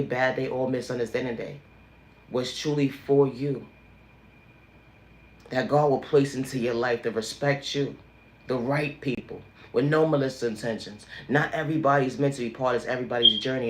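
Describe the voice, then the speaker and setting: Speaking on his livestream, a man delivers a preachy motivational talk built on repetitive, emphatic refrains like a sermon's. His voice is mid-pitched and the sound is roomy.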